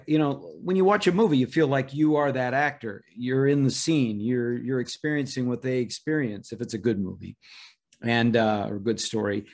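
Middle-aged man explaining his craft. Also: mid-range voice. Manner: thoughtful, explains at length with small restarts. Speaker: voice impressionist guest. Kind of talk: relaxed interview answers.

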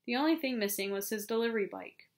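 Lady reading a novel out loud, calm even storytelling. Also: a little high, fast talker. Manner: steady storytelling with small self-corrections. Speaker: audiobook reader. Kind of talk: scripted narration.

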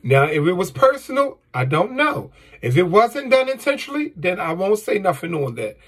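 A man in an emotional personal monologue, blunt, profane and emphatic, with a husky voice. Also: high voice, big pitch swings, moderate pace. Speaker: vlogger.

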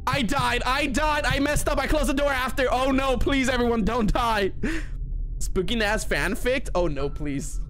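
A man's voice: very high voice, a little slow, soft background music. A man streaming a horror game, talking to his chat and shrieking whenever something scares him. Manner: excitable, shrieks when scared. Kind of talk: live gameplay commentary.

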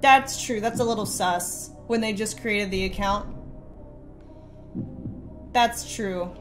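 A woman's voice: medium pitch, slow pace, over music. Sarcastic young woman reading chat. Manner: sarcastic, reads messages aloud in mocking voices. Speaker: streamer reading chat messages. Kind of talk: casual stream commentary.

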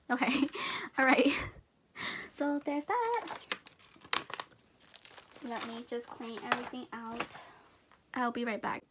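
Bubbly high-voiced woman unboxing gifts. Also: slow, long pauses, noisy background. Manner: excitable, gushing, frequent gasps and giggles. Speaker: unboxing vlogger. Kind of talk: casual unboxing chat.

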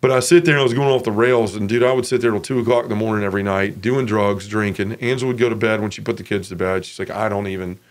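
A man's voice: lowish voice, steady tone, very fast, few pauses. A man in his forties from Memphis, giving a frank, casual personal testimony as an interview guest.

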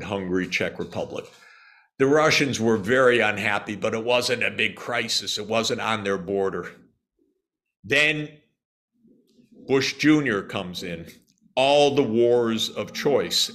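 Slow, low-voiced emphatic man. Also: sharp tone. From United States. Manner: emphatic and indignant, frequent "uh" pauses. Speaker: economist interview guest. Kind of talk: interview answer, argumentative.

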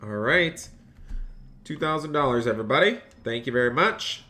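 A man's voice: medium pitch, animated, normal speed, pushed and bright. A man live-streaming a game role-play as a phone store clerk, with upbeat salesman patter, repeating his lines and thanking his chat in between.

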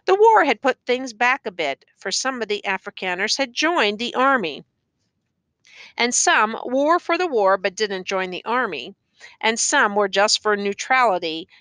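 A woman reads a novel aloud in a steady, even storytelling manner. Her voice sits a little high and sounds bright and forward, recorded close and dry. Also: no room sound. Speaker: audiobook narrator. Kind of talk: scripted audiobook narration.

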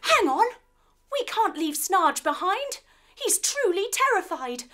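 A woman's voice: very high voice, very animated, takes it slowly, fairly bright tone, voice pushed up, heavily acted. A woman voicing a brave, kind young male space hero in a children's yoga story, speaking earnestly. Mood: determined. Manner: earnest, pleading.

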